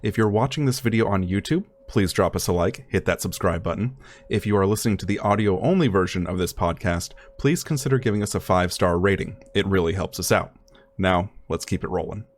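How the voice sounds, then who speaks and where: A man with a very low, deep voice, reading a podcast plug in a steady, announcer-like way. He asks listeners to subscribe and rate the show. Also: fairly quick. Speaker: podcast host.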